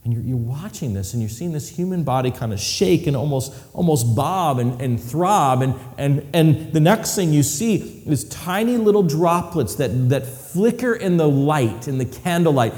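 A man preaching a sermon, telling a story that moves from hushed, low passages to rising, emphatic ones. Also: lively intonation, moderate pace. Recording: reverberant hall.

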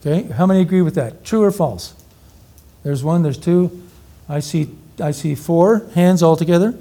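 A middle-aged man teaching an audience in an energetic, interactive sermon, firing questions at the crowd. His voice sits fairly high for a man, with a mellow, dark tone. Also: moderate pace. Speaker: preacher, evangelism teacher.

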